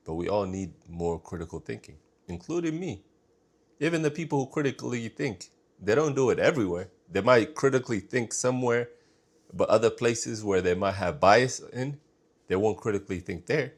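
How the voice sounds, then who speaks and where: Man, lowish voice, casual reaction host, musing, trails off quietly, repeats himself. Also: expressive, moderate pace, slightly rough.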